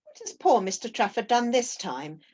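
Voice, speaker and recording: A woman's voice: on the high side, lively intonation, normal speed, a little mellow, breathy edge, highs cut off. A woman playing a proper, earnest young wife. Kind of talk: stage play performance.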